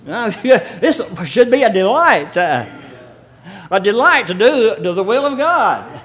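A man preaching a sermon, reading scripture slowly and explaining it in plain folksy talk, with frequent throat clearing and soft chuckles. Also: high-pitched, expressive.

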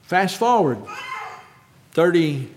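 A man preaching a sermon, rising to loud, fervent repetition and then dropping to quiet, measured reading of scripture. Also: high-pitched, animated. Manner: builds to shouted quotes, then drops to hushed reading.

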